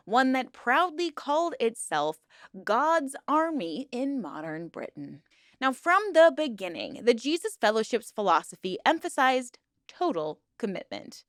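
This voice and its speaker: A woman's voice: a little high, no echo, studio quality. An upbeat woman hosting a video series, mixing scripted documentary narration with playful, self-joking chat to viewers. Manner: upbeat, playful, jokes about herself. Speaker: true-crime and cult video host.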